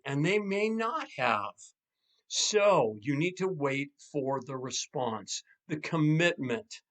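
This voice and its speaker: Animated male pastor coaching couples. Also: on the high side. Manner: animated, acts out quoted spouses. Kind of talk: casual teaching monologue.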